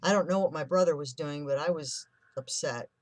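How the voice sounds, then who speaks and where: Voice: medium pitch, brisk, dry recording. A person in their fifties telling a painful childhood story candidly and emotionally, swearing now and then. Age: 50s. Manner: candid and emotional, swears, acts out remembered quotes. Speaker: vlogger sharing a personal story.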